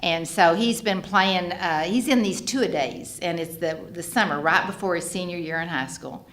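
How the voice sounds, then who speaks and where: A woman's voice: fairly low pitch, normal speed. A woman, speaking at a recovery fellowship gathering and telling her own story, acting out the voices of the people in it. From Texas. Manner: lively storyteller who acts out quoted dialogue. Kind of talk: personal storytelling talk. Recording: roomy hall recording with faint background noise.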